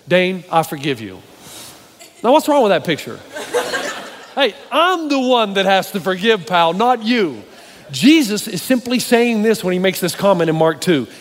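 A male pastor preaching a sermon to a live audience, telling stories and speaking to the crowd directly. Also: high-pitched. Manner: storytelling preacher, animated, addresses the audience directly. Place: church hall with a live audience. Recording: reverberant hall, faint ambience.

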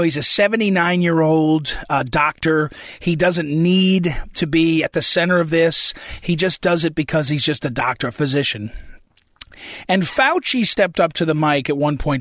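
Male commentary host, slightly high voice, conversational with hesitations, dry recording. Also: fairly bright tone, no echo. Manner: conversational, many ums and restarts, clears throat. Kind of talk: unscripted political commentary.

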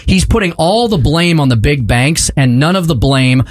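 A man hosting a political talk radio show in a studio, talking in a brisk, emphatic way. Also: on the high side, lively intonation, dry recording. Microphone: studio microphone.

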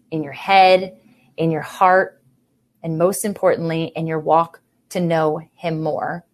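Fervent woman hosting a faith podcast. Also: lowish voice. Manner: fervent, preachy and emphatic. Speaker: podcast host.

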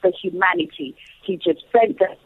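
A woman guest telling a story in an animated way, often repeating words, over a tinny phone line. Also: mid-range voice, moderate pace, vocal fry, husky, no room sound. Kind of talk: lively storytelling on a call.

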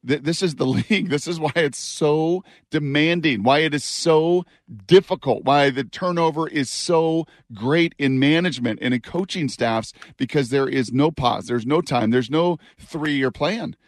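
A man's voice: mid-range voice, no echo, studio quality. A man hosting sports talk radio, pressing his points with rising emphasis.

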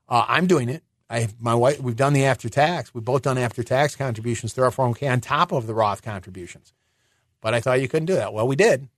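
A middle-aged man hosts a finance radio show, explaining things chattily with rhetorical questions and quick restarts. His voice is medium-pitched, and the recording is dry and studio quality.

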